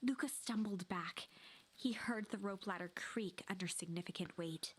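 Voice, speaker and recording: A woman narrating a game like a storybook, in a hushed, breathy, whispery voice. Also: mid-range voice, moderate pace. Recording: game audio with faint music.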